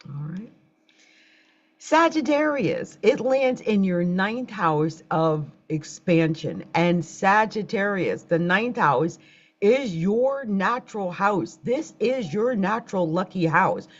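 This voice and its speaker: A woman's voice: medium pitch, animated, slow. A woman hosting a casual astrology livestream, chatting straight to her viewers. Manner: chatty, talks straight to viewers, gets flustered by tech trouble. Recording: dull lo-fi livestream audio.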